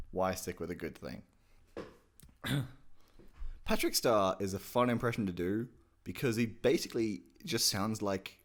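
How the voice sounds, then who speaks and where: A man hosting a casual video tutorial on doing impressions, rambling and joking, with casual swearing. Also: low voice. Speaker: YouTube host teaching impressions.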